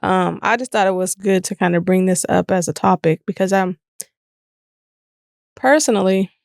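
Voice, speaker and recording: A woman's voice: mid-range voice, normal speed, vocal fry, no echo, clean studio sound. A woman co-hosting a podcast, talking candidly and reflectively in casual chat. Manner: candid, reflective, animated when retelling. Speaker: podcast co-host.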